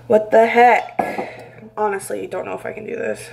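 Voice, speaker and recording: A woman's voice: mid-range voice, fairly even intonation, measured pace, creaky, a little mellow, rough recording. A young woman vlogging casually at home, reacting dramatically and squeamishly as she talks through a recipe. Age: young adult. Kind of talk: casual vlog chat.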